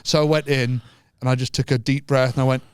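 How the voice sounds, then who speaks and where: A man's voice: medium pitch, quick pace, clean tone, no room sound, studio quality. A man, a stand-up comedian, telling stories in casual chat and dropping into impressions. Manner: animated storyteller doing impressions. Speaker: comedian guest.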